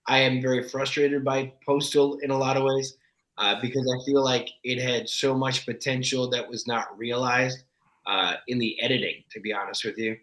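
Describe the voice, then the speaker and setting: Actor guy chatting, animated and frank, pokes fun at himself, roomy echo. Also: mid-range voice, moderate pace. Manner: animated, candid, self-deprecating. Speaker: guest actor. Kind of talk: casual interview storytelling. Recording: echoey room.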